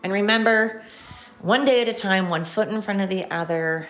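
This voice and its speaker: A woman's voice: medium pitch, normal speed, a bit bright. A middle-aged woman hosting her own podcast, talking in a rambling, chatty, upbeat way. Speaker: podcast host. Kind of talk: casual solo podcast monologue. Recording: dull lo-fi home recording.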